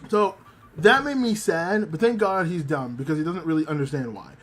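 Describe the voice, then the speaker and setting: On a livestream, a streamer with a fairly high male voice casually recaps an anime at normal speed. He excitedly acts out the characters' lines as he retells it, using lots of fillers.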